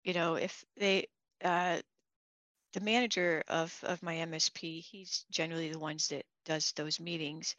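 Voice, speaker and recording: A woman's voice: sits low, level tone, a little slow, a bit bright, dry recording, highs cut off. A woman hosting a podcast, talking casually and chattily, laughing and restarting her sentences. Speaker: podcast host. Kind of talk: casual interview chat.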